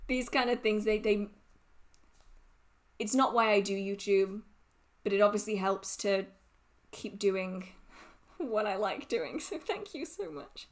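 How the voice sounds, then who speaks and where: A woman's voice: mid-range voice, fairly even intonation, takes it slowly, long pauses. A woman hosting a casual livestream Q&A, reading out viewer questions and answering them in a giggly, rambling, emotional way.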